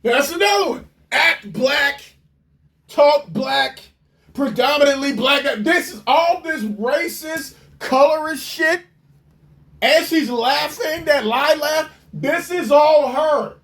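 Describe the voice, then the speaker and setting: High-pitched mocking commentator. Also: slow, a bit bright. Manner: mocking, profane, incredulous. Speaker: commentator reacting to a clip. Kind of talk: ranting reaction commentary.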